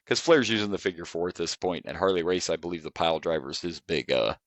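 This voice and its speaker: A man co-hosting a podcast that reviews wrestling, talking in a relaxed, rambling way with frequent chuckles. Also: deep voice, quick pace, dry recording. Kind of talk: casual chat.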